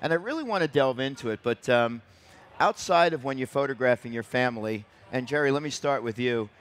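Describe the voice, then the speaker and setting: A man's voice: medium pitch, fairly quick. A man moderating a stage panel, giving friendly, somewhat rambling introductions and questions. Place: event stage before a crowd.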